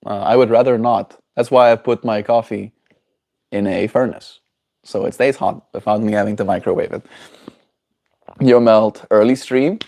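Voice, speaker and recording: A man's voice: fairly low pitch, fairly even intonation, moderate pace, dark tone. A man chatting casually on his daily livestream, rambling and playful as he answers his chat. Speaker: daily streamer.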